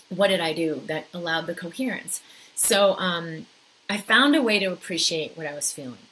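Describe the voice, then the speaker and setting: A woman in her thirties telling a personal story in a talk, acting out her own thoughts with lively quoted asides. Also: lowish voice, moderate pace, slight background noise, low-quality recording. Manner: animated storytelling, acts out her own inner voice. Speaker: speaker.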